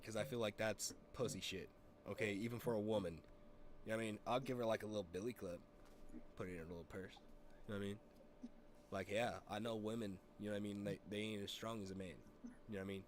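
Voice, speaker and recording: A man streaming, telling a story in a rambling, profane, animated way. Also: lowish voice, fast talker, slight background noise. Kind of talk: casual storytelling chat.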